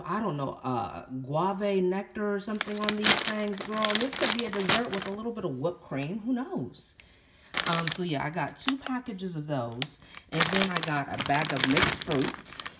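A woman's voice: mid-range voice, very noisy. A woman showing her grocery haul in a casual chat to camera, out of breath, chatty and exclaiming over her finds.

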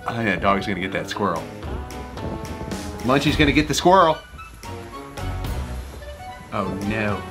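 A man chats playfully through a run of animal clips, laughing often. His voice swings widely up and down in pitch, and music plays clearly behind him. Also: lively intonation, a little slow, long pauses. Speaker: reaction video host. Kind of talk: casual commentary. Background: music playing.

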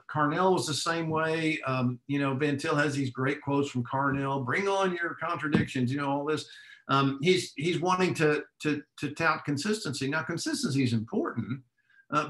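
A man's voice: fairly high pitch, a bit bright. A man with a Texas accent, speaking as a guest professor in a conversational interview. He reasons aloud thoughtfully and often restarts his phrases. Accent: Texan. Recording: echoey room.

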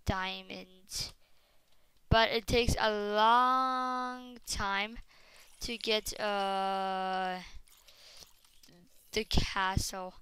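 A woman doing casual game commentary, talking to viewers and bursting into frustrated shouts. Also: medium pitch, smooth, dry recording. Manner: talks straight to viewers as "guys". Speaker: gaming commentator.

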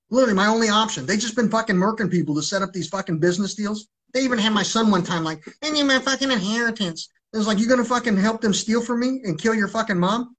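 A man's voice: high-pitched, fairly bright tone. A man ranting on a livestream in an agitated, rambling way, swearing heavily.

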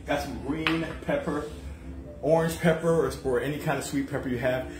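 In his home kitchen, a man hosts a relaxed cooking livestream, bantering with viewers and drifting into lengthy playful asides. His voice is on the high side with fairly even intonation. Music plays behind him, and the kitchen echoes.

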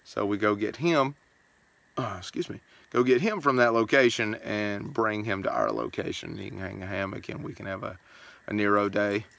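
A man talking through trip plans in a relaxed, laid-back way, outdoors by a creek on a trail vlog. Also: lowish voice, moderate pace, gravelly. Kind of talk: casual trail vlog chat.

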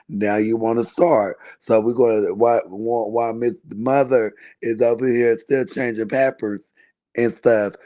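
A man's voice: fairly low pitch, warm tone. A man hosting a livestream panel, talking brashly and cursing as he calls on people. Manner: brash, directing the panel with crude slang.

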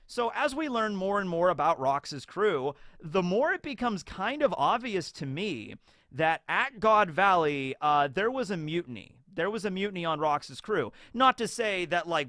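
Animated high-voiced male commentator. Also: dry recording, clean studio sound. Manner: animated, rambling, laughs often. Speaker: anime theory YouTuber. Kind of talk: casual commentary.

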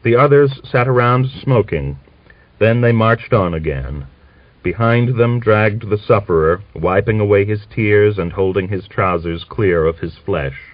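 A man reading a novel as an audiobook narrator, in a measured, solemn manner. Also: on the low side, no room sound. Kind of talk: scripted literary narration. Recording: dull lo-fi old recording.

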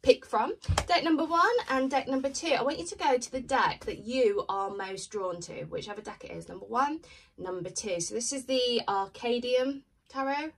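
A woman giving a pick-a-card tarot reading, chatting in a gently reassuring way. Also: a little high, expressive, moderate pace, breathy edge, distant mic, rough recording. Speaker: tarot reader.

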